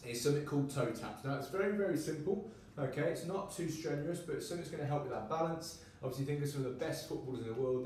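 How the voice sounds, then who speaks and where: A man's voice: medium pitch, darkish tone, recorded from a distance, slight background noise. A male PE teacher leading a home football lesson, encouraging and demonstrating as he talks. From United Arab Emirates school. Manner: encouraging, demonstrating while talking. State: a little out of breath while counting. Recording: very echoey room, voice from off the mic.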